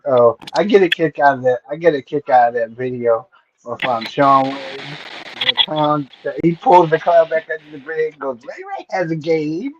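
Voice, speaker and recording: A man's voice: mid-range voice, normal speed, a little hiss or hum. Hesitant man with a dull, lo-fi sound. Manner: hesitant, searches for words. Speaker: streamer co-host. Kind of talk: casual chat.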